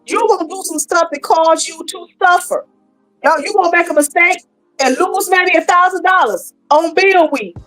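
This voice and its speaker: A middle-aged woman, commenting casually on a live stream and talking straight to her viewers in an animated way. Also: very high voice, normal speed, faint music behind, low-quality recording.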